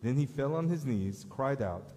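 A man's voice: medium pitch, expressive, normal speed, dark tone. A man preaching a sermon as pastor, telling a story in an earnest way that rises to emphatic appeals, in a church sanctuary. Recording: echoey church hall.

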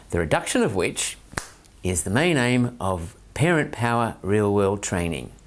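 A man with an Australian accent, a parent presenting a scripted talk in an earnest, methodical way, counting off his points by number. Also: on the low side. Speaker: parent and autism training promoter.

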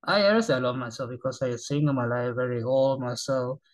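Halting man in his thirties. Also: medium pitch, animated, poor audio. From Japan. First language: Japanese. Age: 30s. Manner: halting broken English, often trailing off softly. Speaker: reaction video host. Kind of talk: rambling casual monologue.

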